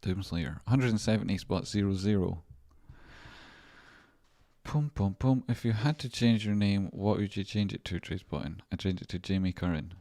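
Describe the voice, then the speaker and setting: Scottish male host, low-pitched and dry-sounding, playful, self-talking, swears freely. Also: normal speed, warm tone, dry recording. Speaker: market analysis host. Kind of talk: casual rambling market commentary.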